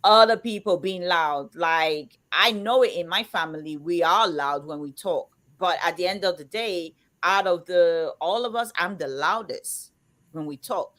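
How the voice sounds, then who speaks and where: A woman in her fifties who talks loudly and emphatically, as if shouting, chatting on a live show. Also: on the low side, measured pace. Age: 50s. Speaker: co-host of a live chat show. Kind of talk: casual chat.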